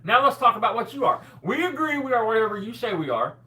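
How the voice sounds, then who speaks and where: A man co-hosting a commentary show, animated and foul-mouthed in casual banter. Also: very high voice, fast talker. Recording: distant mic.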